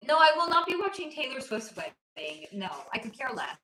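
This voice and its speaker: A spiritual reader hosts a relaxed livestream at home, her child nearby, bantering with viewers, teasing them and laughing frequently as she answers their comments. Her high, sing-song voice runs a little fast. The rough recording sounds echoey, with a noisy crowd in the background.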